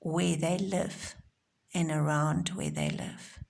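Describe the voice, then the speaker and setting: A woman teacher giving a recorded home-learning lesson to young children, explaining gently and simply. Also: low-pitched, sing-song, slow pace, gravelly. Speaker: primary school teacher.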